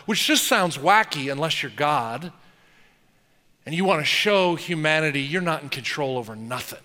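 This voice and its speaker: Animated preacher in a reverberant hall. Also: male voice, a little high, normal speed. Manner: animated preaching, acting out questions in an incredulous tone. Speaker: pastor. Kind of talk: sermon.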